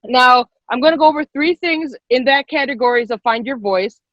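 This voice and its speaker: A woman leading an online public speaking workshop on a video call, lively and quick-talking, encouraging the participants. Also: high voice, no room sound. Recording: dull lo-fi video call audio.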